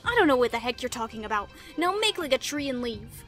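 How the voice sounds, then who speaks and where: A woman's voice: a little high, sing-song, fast, a bit bright, faint music behind. A woman voicing a tiny, hot-tempered male wandering artist sprite, reading his lines in a grumpy, snappy way. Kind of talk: reading game dialogue aloud.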